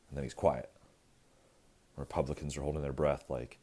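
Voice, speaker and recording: A male stand-up comedian doing a casual, profane routine, often jumping into quick voices for the people in his jokes and laughing at his own lines. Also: a bass voice, husky. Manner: animated, acting out characters in quick bits. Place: rehearsal space.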